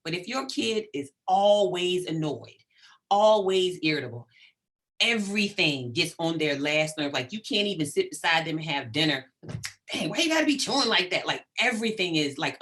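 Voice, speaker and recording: A middle-aged woman, a psychologist guest in an interview, talking in an animated, emphatic way and checking in often with "right?". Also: fairly low pitch. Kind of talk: conversational interview.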